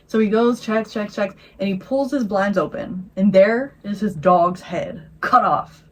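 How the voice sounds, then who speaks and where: A woman co-hosting a podcast, telling a campfire scary story in a rambling, animated way and acting out the voices. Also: mid-range voice, unhurried, low-quality recording. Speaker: podcast co-host. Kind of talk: casual storytelling chat.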